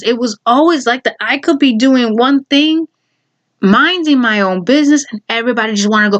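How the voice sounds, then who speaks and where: A woman's voice: fairly high pitch, expressive, moderate pace, lo-fi sound. A woman vlogger telling a personal story in casual talk, heated and exasperated, swearing freely.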